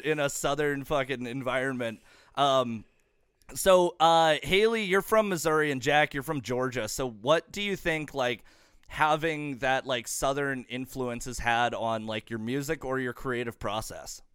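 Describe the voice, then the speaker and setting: A man's voice: on the high side, measured pace, fairly bright tone, clear, resonant tone, dry recording, studio quality. A man from Canada hosting a podcast in loose, profane, joking chat. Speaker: podcast host. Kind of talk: casual chat.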